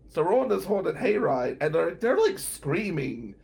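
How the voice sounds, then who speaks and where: Animated sarcastic storytelling man. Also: high-pitched, moderate pace, gravelly, hardly any pauses, a little hiss or hum. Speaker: podcast host. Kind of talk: comedic storytelling.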